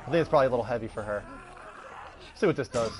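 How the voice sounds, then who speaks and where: A man's voice: medium pitch, very fast, very noisy. A man streaming a video game live, making wry, chatty remarks and greeting viewers. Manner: chatty, wry, laughing asides to chat. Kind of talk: live gameplay commentary.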